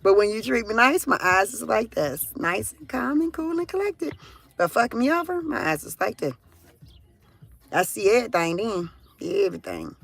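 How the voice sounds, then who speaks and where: A middle-aged woman hosting a casual live stream, talking loudly and profanely in an animated rant from outdoors near a car on her phone. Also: fairly high pitch, moderate pace, creaky, breathy edge. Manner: loud, profane, animated ranting. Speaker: livestream host.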